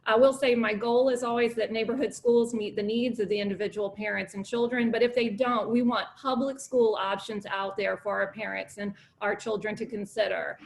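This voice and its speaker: A middle-aged woman and former school administrator, answering as a candidate at a forum in a confident, measured way. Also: mid-range voice, steady tone, gravelly.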